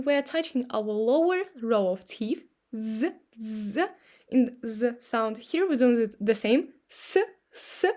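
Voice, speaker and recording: A young woman with a Russian accent teaching pronunciation, modelling sounds and syllables slowly for the listener to repeat. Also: high-pitched. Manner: slow, demonstrative, models sounds and syllables for repetition. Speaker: language teacher. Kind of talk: pronunciation lesson.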